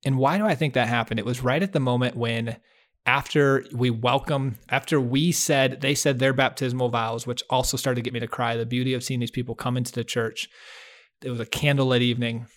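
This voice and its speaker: Male podcast co-host, mid-pitched voice, earnest and heartfelt, casual storytelling over a video call. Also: steady tone, brisk. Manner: earnest, heartfelt storytelling with restarts and soft laughs. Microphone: video call setup.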